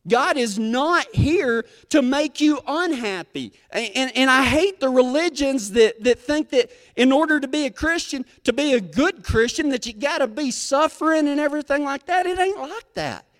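A man delivers a cowboy sermon in a folksy, drawling voice. His pitch sits high and swings widely as he spins a self-mocking rodeo tale. He is animated and unhurried. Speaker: cowboy preacher. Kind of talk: sermon with a comic rodeo story.

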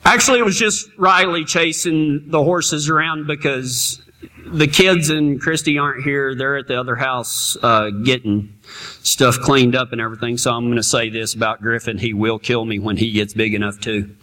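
A man's voice: medium pitch, steady tone, moderate pace, bright, forceful tone. A middle-aged man, preaching in a folksy, laughing storytelling manner. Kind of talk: storytelling sermon.

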